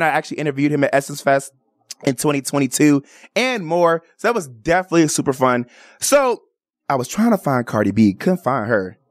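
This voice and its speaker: A man, a radio host, chatting animatedly and giving shout-outs to friends and listeners. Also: medium pitch, no room sound, clean studio sound. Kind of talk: casual chat.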